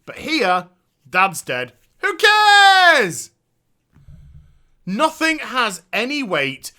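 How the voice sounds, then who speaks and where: A man with a high, very bright and forceful voice rants about a game he hated. His delivery is profane and sarcastic, and his pitch swings widely as his exasperation builds. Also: big pitch swings, slow pace. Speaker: host. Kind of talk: ranting game review.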